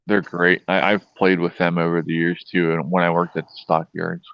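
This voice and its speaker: A man's voice: deep voice, level tone, moderate pace, gravelly. A middle-aged man from Pennsylvania hosting a casual chat, telling long profane farm stories. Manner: rambling, profane, anecdotal. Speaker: host. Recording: dull lo-fi sound, dry.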